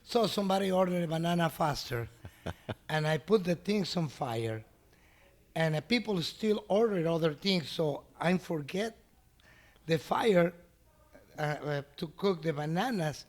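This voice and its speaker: Middle-aged spanish-speaking guy telling a story in broken english, lots of laughs, slightly high voice. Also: expressive, a little slow. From Mexico. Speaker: restaurant owner. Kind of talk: storytelling in an interview.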